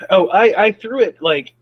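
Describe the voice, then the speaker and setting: Excitable swearing man at a game table. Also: high-pitched, unhurried, poor audio. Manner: excitable, swears often, stammers restarts. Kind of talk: in-character tabletop play.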